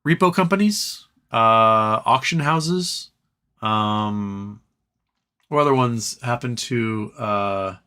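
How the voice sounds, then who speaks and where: A man's voice: on the low side, takes it slowly, sharp tone, smooth. A man hosting a live stream in casual chat, rambling between topics and reading chat aloud, his voice tiring. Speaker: livestream host.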